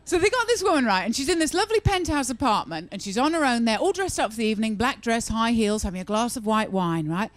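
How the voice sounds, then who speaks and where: Female stand-up comic, chatty and sarcastic, animated delivery. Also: a little high, fast, few pauses. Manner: chatty, teasing the crowd, sarcastic asides. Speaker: stand-up comedian. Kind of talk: stand-up comedy set. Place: live comedy venue with audience.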